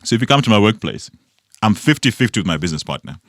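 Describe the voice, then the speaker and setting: A middle-aged man from Zimbabwe, co-hosting a podcast in casual chat, animated and laughing. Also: lowish voice, rapid-fire, no echo, studio quality. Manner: animated, laughs and acts out phone calls. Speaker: podcast co-host.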